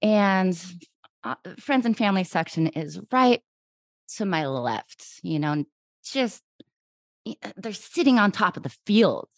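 A woman in her forties hosting a podcast, telling a lively story in casual chat and acting out her own past thoughts. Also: mid-range voice, measured pace, dry recording, studio quality. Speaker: podcast host.

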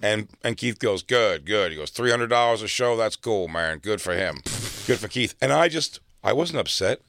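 A comedian guest from South Jersey, near Philadelphia, tells stories in a casual chat, animated and acting out the quotes. His voice is lowish at a moderate pace, recorded with clean studio sound and no room echo.

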